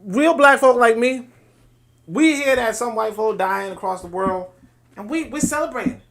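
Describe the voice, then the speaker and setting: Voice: mid-range voice, normal speed. A commentator reacting to a played clip in a blunt, profane and sarcastic way.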